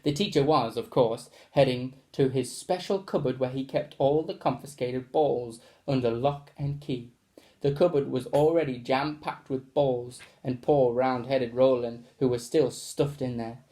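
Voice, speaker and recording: Guy reading a kids' story out loud, lively, does little sound effects. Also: medium pitch, a little slow.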